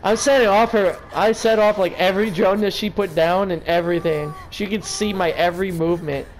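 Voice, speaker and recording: A drunk man streaming his gameplay rambles and taunts in a high-pitched, steady voice at a fairly quick pace, even talking directly to the game. The recording is rough, with a little hiss or hum.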